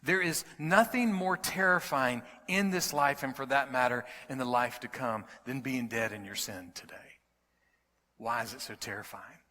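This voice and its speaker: A man preaching a sermon as pastor, swinging from loud emphasis to a hushed whisper. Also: medium pitch, moderate pace, hardly any pauses. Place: church sanctuary. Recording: hall reverb.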